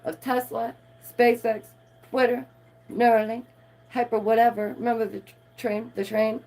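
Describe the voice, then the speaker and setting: A woman's voice: a little high, little pitch movement, moderate pace, a little mellow. A woman, live streaming and reading news aloud with playful, sarcastic asides to her viewers. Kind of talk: casual live-stream commentary.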